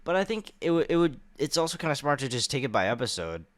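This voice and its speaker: A man's voice: a little high, very animated, quick pace, crowd noise. A man co-hosting a podcast in casual chat, playful, at times reading dramatic promo lines aloud. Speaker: podcast co-host.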